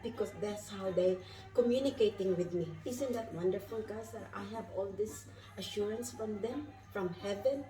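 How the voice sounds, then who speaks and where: A woman's voice: mid-range voice, moderate pace, mellow, reverberant, distant mic, faint music behind, poor audio. A woman vlogging from inside a moving car, effusive and spiritual, often asking her viewers "isn't that wonderful". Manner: effusive, repeats questions to viewers. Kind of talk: spiritual travel vlog.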